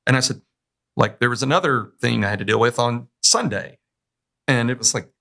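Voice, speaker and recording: A man's voice: medium pitch, expressive, normal speed, pushed and bright. A male podcast host and Marine veteran in a casual interview, telling long anecdotes and acting out other people's words. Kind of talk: conversational interview.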